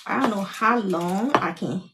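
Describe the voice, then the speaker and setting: A woman's voice: mid-range voice, measured pace, far from the mic, very noisy. A woman from Liberia chatting casually while cooking, teary-eyed and sighing from cutting onions as she greets viewers. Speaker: cooking channel host.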